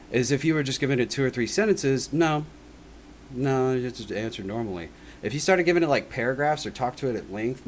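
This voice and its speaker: A man at an ordinary middle pitch speaks an earnest, rambling testimony straight to camera. His talk loops and doubles back, packed with "like" and "right?", as he works through his account. A faint noise sits under the voice. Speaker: vlogger giving a personal testimony. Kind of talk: casual spoken monologue.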